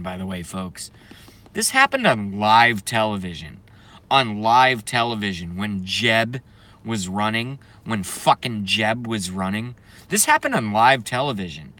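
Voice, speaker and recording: Giggly, slow-talking man ranting on a stream. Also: medium pitch, expressive, pushed and bright. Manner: giggly, breaks into laughing fits; profane, sarcastic. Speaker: live streamer. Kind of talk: comedic live stream rant.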